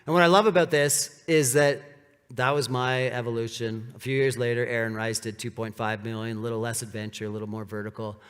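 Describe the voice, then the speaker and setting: Give me a man giving a casual storytelling talk in a reverberant hall, mid-pitched voice. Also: fairly quick, clean tone. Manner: casual and animated, with many "like" fillers. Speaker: speaker giving a live talk. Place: large hall with an audience.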